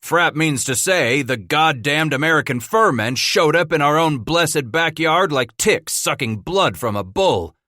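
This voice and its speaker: A hot-tempered fur trapper rails in a high, loud, blustery frontier drawl, as a male narrator puts him on. He grumbles and complains steadily. The recording is dry and close. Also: animated, normal speed, hardly any pauses, no echo. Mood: angry.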